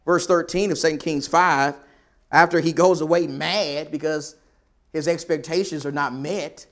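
A man preaching a sermon in an animated way, acting out the characters' lines as he tells the story. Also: on the high side, moderate pace.

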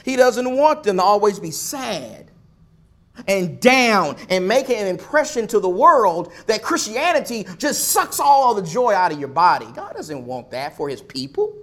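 A man delivers a sermon in a high, light voice. He stacks rhetorical questions and repeated phrases for emphasis. His volume swings between forceful pushes and quiet asides. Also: big pitch swings, measured pace. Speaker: preacher.

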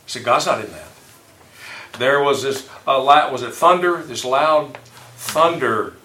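Bright-voiced man leading Bible study. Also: medium pitch, a little slow. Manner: rambling, self-correcting storyteller. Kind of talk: casual group Bible discussion. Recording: echoey room, mic far off.

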